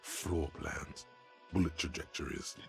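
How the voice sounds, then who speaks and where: A man's voice: rumbling low, fairly even intonation, measured pace, faint music behind. A man voicing a solemn inner-voice narrator in a video game, speaking with dramatic weight. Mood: grandiose.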